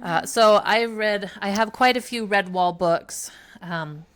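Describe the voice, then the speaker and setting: A woman's voice: medium pitch, slow, smooth. A middle-aged woman chatting casually about books, rambling and correcting herself. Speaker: book reviewer, mother. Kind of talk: casual book chat.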